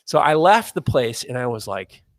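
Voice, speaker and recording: A man in his forties telling a self-mocking story in casual chat, animated and swearing as he talks. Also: mid-range voice, normal speed, dry recording, clean studio sound. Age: 40s. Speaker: podcast host.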